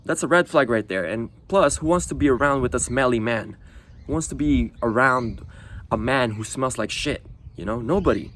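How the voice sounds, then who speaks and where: A man's voice: mid-range voice, normal speed, a bit bright, slight background noise. A man talking bluntly to the camera in a casual monologue, swearing often and tagging lines with "you know". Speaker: vlogger.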